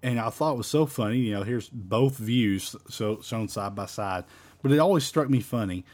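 A man's voice: lowish voice, normal speed, a little mellow. A man teaching a verse-by-verse Bible study in an emphatic, repetitive, conversational way.

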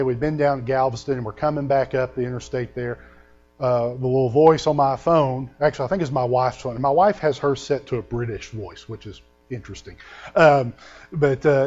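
A man preaching a sermon, telling stories and reading scripture with loud emphasis. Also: medium pitch, highs cut off. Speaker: pastor.

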